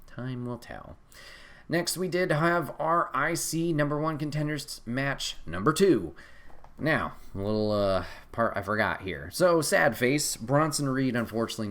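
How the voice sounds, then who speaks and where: A man with a fairly low voice hosts a casual wrestling recap podcast. He talks with a very lively, swooping pitch, jumps into silly voices to act out what others said, laughs often and swears freely. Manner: animated, acts out quotes, laughs often, swears. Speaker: podcast host.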